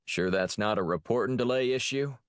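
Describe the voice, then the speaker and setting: A man voicing a brusque, gruff older spy chief who loves cigars. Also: medium pitch, a little fast, no room sound, studio quality, voice pushed up, lightly acted.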